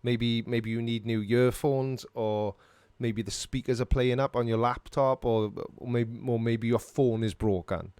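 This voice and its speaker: A man's voice: medium pitch, steady tone, measured pace, hardly any pauses, a little mellow, clear, resonant tone, no room sound. A middle-aged man, casually answering viewers' questions on a live stream in a dry, sarcastic way. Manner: dry, sarcastic, self-mocking.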